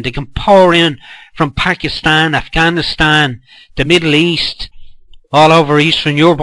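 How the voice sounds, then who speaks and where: A man's voice: fairly high pitch, steady tone, a little slow, bright, forceful tone, no echo, poor audio. A middle-aged man with an Irish accent, ranting angrily to camera in a heated, profane, scolding way. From Ireland. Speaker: political vlogger. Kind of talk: angry rant to camera.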